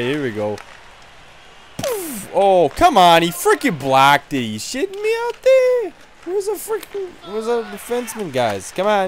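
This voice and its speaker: In character as a dim-witted, brash young hockey goon, a man trash-talks his way through rowdy gameplay commentary, laughing often. This gaming video creator has a fairly high voice, with slight background noise in the clip.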